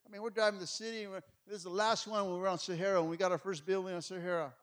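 A man's voice: high voice, very fast. A middle-aged male pastor from Mexico preaching a sermon, passionate and full of stories, often repeating words as he gets going. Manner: passionate, storytelling, repeats words when excited.

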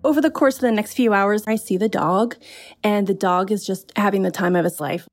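A woman telling a true spooky story in the first person, in a relaxed, conversational way with casual fillers. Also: medium pitch, brisk.

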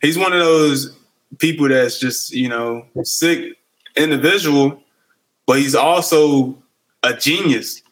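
A man's voice: a little high, takes it slowly, fairly bright tone, poor audio. A man in a casual chat, loose and slangy, laughing as he tells stories.

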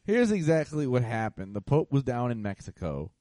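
A man's voice: medium pitch, sing-song, normal speed, dark tone, no room sound. A man co-hosting a comedy podcast, laughing easily while he explains the news in casual chat. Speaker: podcast co-host.

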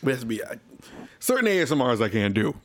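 A man's voice: mid-range voice, very animated, quick pace. A young man co-hosting a casual gaming podcast, rambling loosely and laughing often. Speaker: podcast co-host. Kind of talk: casual chat.

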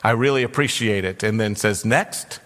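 A man's voice: on the low side, moderate pace, a bit bright, long reverb tail. A man preaching a sermon as pastor, telling a parable and briefly voicing its characters. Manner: storytelling, briefly acting out characters' lines.

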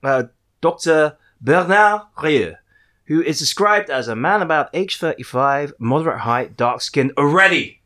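Animated joking male podcast host. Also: fairly high pitch, a little slow. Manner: rambling, joking, frequent fillers and restarts. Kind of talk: casual book discussion chat.

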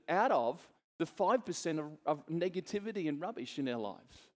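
A middle-aged pastor delivers his sermon, earnest and conversational, with a fairly high voice. He often turns to the congregation with asides. The sound rings with the long reverb of a church hall. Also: big pitch swings, normal speed, few pauses, a little mellow.

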